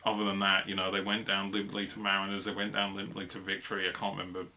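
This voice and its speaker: A man's voice: low voice, monotone, quick pace, pushed and bright. A man co-hosting a football review podcast, chatting casually and rambling with lots of fillers and laughs. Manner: rambling, filler-heavy, laughs mid-sentence.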